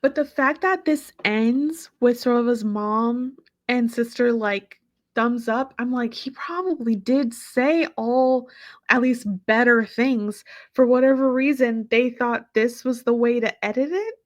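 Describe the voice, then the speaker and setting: A woman co-hosting a podcast, talking in a casual, blunt and opinionated way with quick asides. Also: a little high, dry recording. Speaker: podcast co-host. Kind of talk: casual recap chat.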